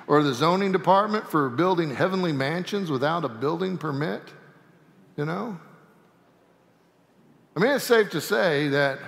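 A man preaching from the pulpit in a folksy, animated way, dropping playful asides. His voice sits a little high for a man, and it rings out with the long reverb of a church sanctuary. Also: creaky. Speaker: pastor. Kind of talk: sermon.

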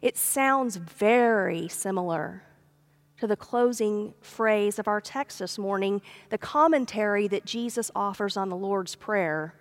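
A woman pastor with a medium-pitched, unhurried voice tells a parable during a sermon in a church sanctuary. Her style is conversational, folksy storytelling, and she voices the characters' pleas loudly.

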